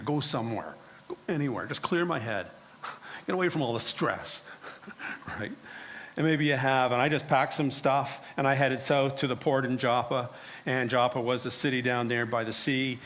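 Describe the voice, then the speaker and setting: In a church sanctuary, a pastor delivers his sermon as a first-person dramatic monologue, speaking in character as a prophet and acting out the other voices in the story. His voice is medium-pitched and a bit bright, with a little hiss or hum in the recording.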